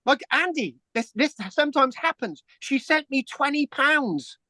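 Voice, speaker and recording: A man's voice: very high voice, lively intonation, measured pace, bright, forceful tone, dry recording. A talkative man from England telling a long story in a loose, rambling way, with false starts, repeated words and a constant "right?". The sound is dry and close, with little room around it. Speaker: host. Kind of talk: casual chat.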